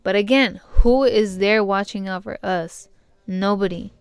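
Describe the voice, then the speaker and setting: A woman's voice: mid-range voice, unhurried, smooth, no room sound. A young woman hosting a podcast, giving casual heartfelt advice full of slang and fillers, swearing now and then. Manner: slangy and fillers-heavy, addresses listeners as "my peeps"; earnest, encouraging, swears casually. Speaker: podcast host.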